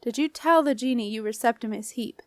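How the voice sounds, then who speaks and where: A woman voicing a stern, patient older witch aunt who speaks briskly. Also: a little high, dry recording, studio quality, close to an everyday voice.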